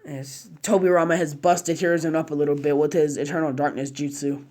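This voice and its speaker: A man's voice: a little high, flat delivery, fairly quick, a little mellow. A man narrating a fan-made story casually, chaining run-on clauses with slang and fillers.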